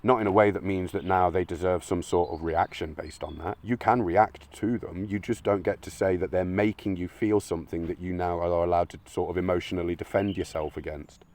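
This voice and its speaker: A man's voice: sits low, fairly even intonation, fairly quick, hardly any pauses, a little mellow. A man ranting in a blunt, sweary, argumentative monologue, now and then mocking imagined critics in silly voices. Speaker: video essayist. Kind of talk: opinionated monologue.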